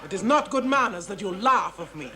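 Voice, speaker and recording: Stage drama, actress playing a wheedling older woman shopkeeper with a heavy Spanish accent, halting broken English, lively swooping pitch over a crowd murmur. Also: lightly acted. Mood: offended.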